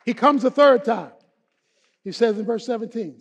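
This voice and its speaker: A male pastor preaching a sermon, moving from hushed, slow Bible teaching to shouted, rising exhortation. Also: extremely high pitch. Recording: long hall reverb.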